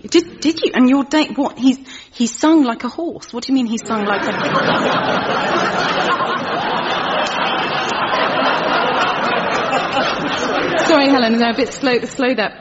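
An actress playing an earnest, talkative middle-aged woman who minds a sulky teenage boy and speaks in a carefully formal way. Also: high voice. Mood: chatty. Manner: prim, carefully formal phrasing. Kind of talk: sitcom acting. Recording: slightly muffled TV audio with faint crowd and noise.

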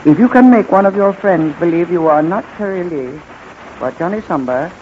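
Formal army general, measured and commanding, 1940s radio style, muffled old recording. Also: male voice, high voice, expressive. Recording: dull old radio recording with faint hiss.

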